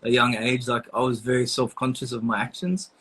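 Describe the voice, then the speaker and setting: A man's voice: medium pitch, little pitch movement, brisk, a bit bright, breathy edge. A young man, a tattoo artist talking in a laid-back way, full of "like" and swearing. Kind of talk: casual chat.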